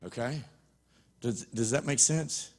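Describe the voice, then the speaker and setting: A man's voice: mid-range voice, slow pace, a little mellow. A man preaching a sermon, telling a personal story in a conversational way and often checking in with his listeners. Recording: long hall reverb.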